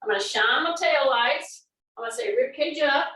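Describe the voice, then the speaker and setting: A woman's voice: sits high, moderate pace, pushed and bright, distant mic. A woman fitness instructor, coaching a class through exercises and repeating cues. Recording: echoey room, away from the mic.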